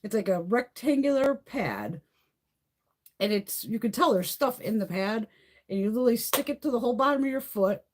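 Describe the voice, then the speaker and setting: A woman's voice: fairly high pitch, moderate pace. Middle-aged woman rambling on a makeup live, swears a lot, voice jumps all over, laughs easy. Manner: animated storyteller, swears freely, laughs often. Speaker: beauty livestream host. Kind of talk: casual chat.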